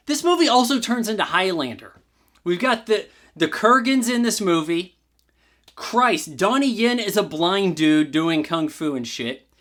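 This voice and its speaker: A man's voice: sits high, fairly bright tone. Sarcastic ranting man reviewing a film. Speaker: movie reviewer. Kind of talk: casual spoken movie review.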